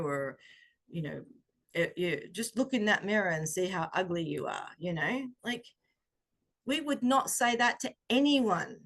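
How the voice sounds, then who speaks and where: A middle-aged woman coach giving a reflective talk on intuition, gentle and conversational, often pausing to search for words. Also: fairly low pitch. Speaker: self-growth coach.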